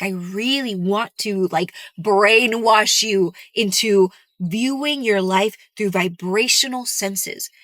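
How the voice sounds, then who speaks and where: A woman's voice: medium pitch, pushed and bright, dry recording, clean studio sound. A woman hosting a podcast, giving an earnest, emphatic motivational monologue and repeating key phrases. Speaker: podcast host.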